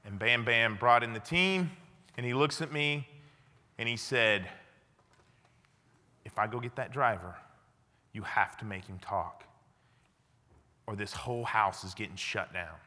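Guy telling a war story on stage, bright forceful voice, big echoey hall. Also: a little slow, pauses often. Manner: animated storyteller, drops low for quoted lines. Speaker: former army interrogator giving a talk. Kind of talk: storytelling lecture. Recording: long hall reverb.

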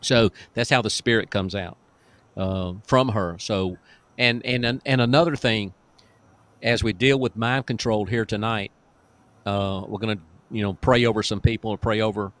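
A man's voice: on the low side, steady tone, moderate pace, fairly bright tone, dry recording. A male pastor telling deliverance stories in a folksy, emphatic preaching manner, chuckling now and then.

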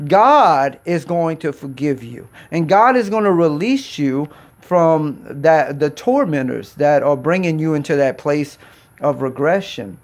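A man with a notably high speaking voice delivers a sermon. He exhorts earnestly, circling back over his phrases and stumbling into restarts as he presses his point. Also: darkish tone. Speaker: preacher.

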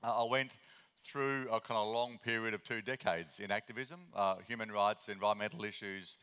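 Aussie guy in his 50s doing a conference talk, low smooth voice, talks fast w lots of ums. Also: fairly even intonation, bright, forceful tone, long reverb tail. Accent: Australian. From Australia. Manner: fast-talking, earnest, many ums and restarts. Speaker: conference keynote speaker.

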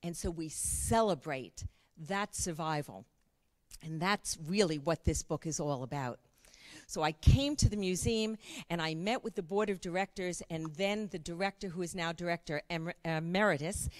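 An older woman, a cookbook author, telling a lively anecdote at an event and acting out the dialogue. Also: on the low side, normal speed. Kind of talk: storytelling talk at an event.

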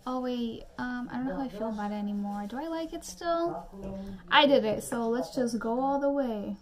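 A young woman vlogging a makeup tutorial, rambling through chatty rants and quick asides. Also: on the high side, crowd noise. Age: young adult. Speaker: beauty vlogger.

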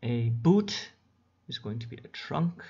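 A man teaching English in a relaxed, unhurried way at his computer, with fillers as he goes. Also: mid-range voice, creaky, husky. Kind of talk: casual screen-recorded lesson. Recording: dull lo-fi home recording.

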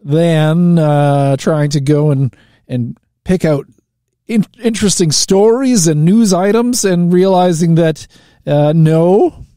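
A man's voice: a little high, slow pace, warm tone, clear, resonant tone, no echo, clean studio sound. A man hosting a live talk radio show, chatting casually and joking, with lots of fillers and restarts. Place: radio studio.

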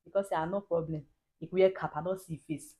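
A Nigerian woman telling, in a lively and animated way, the story of how she met her husband, chatting at home. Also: lowish voice, brisk, poor audio. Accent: Nigerian Pidgin. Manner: lively, animated storyteller who laughs often. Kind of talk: casual storytelling.

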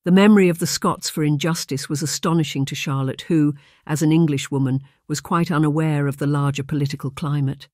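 An audiobook narrator giving an even, measured scripted narration. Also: mid-range voice, no room sound, clean studio sound.

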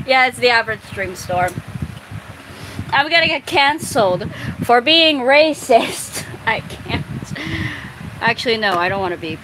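A woman's voice: fairly high pitch, expressive, slow, long pauses. A woman chatting casually and reading fan fiction aloud, laughing often and muttering exasperated asides. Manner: giggly, breaks into laughter often. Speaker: video creator. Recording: clear background noise.

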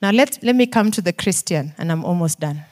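With a lowish, darkish voice and lively intonation, a Kenyan-accented woman preacher moves fairly quickly through her sermon. She pleads earnestly, fires off questions, and shifts from near-whispers to emphatic pushes.

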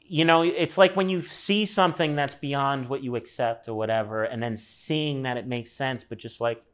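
Speaking at a moderate pace in a mid-range, somewhat bright voice, a man in his thirties rambles through a personal story. He is an artist guest in a casual storytelling conversation, using lots of fillers and curse words.

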